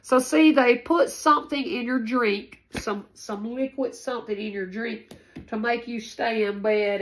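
A woman's voice: fairly high pitch, steady tone, normal speed, vocal fry, rough recording. A woman giving a casual spoken tarot reading, rambling and repeating herself, with frequent swearing. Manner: rambling, repetitive and profane. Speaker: tarot reader.

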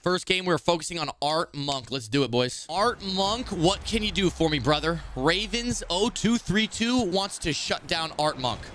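Brash male streamer, slightly high, bright voice; excitable live game commentary with trash talk. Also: normal speed, few pauses, slight background noise.

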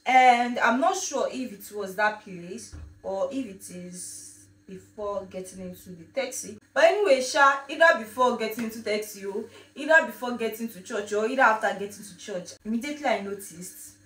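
A young woman vlogging casually from her home kitchen into a phone, telling a story in an animated, repetitive way. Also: a little high, moderate pace. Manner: chatty, animated storytelling, repeats herself. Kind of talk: casual vlog chat. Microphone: phone camera. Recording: echoey room, mic at a distance.

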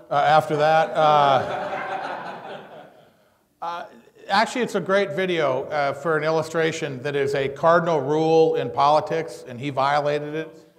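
A man teaching a class on public speaking, commenting on a video in a lively way and acting out quotes with dramatized voices. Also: on the high side. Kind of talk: classroom lecture analyzing a video.

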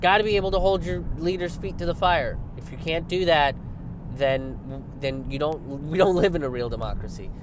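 A young man giving a casual political rant, animated and sarcastic, swearing often and mocking his opponents. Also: on the high side, moderate pace, background noise. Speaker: political commentator. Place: outdoors by a road with passing traffic.

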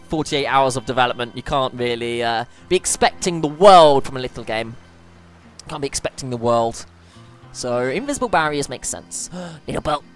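Excitable woman gamer with a lively voice. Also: deep voice. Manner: excitable, squeals and panics during play; chatty, playful self-mockery. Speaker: let's play gamer. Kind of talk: gameplay commentary.

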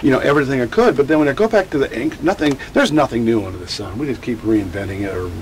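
A man's voice: medium pitch, expressive, fast talker, a little hiss or hum, low-quality recording. An older man, a grief educator, telling personal stories in an interview and often stopping to repeat and restart his words. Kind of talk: candid personal storytelling in an interview.

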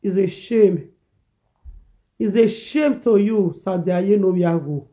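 A Nigerian man delivers a preachy, repetitive rant in a reaction video, moving between pidgin and a local language. His voice sits high. The sound is thin and tinny, like a phone line. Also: slow pace. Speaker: social media commentator.

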